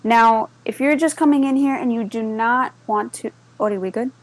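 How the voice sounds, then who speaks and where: A woman's voice: a little high, normal speed, low-quality recording. A woman walking listeners through a screen-share tutorial, mixing English and Spanish and checking in often with "okay?". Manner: relaxed, with many fillers. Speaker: server moderator explaining a bot.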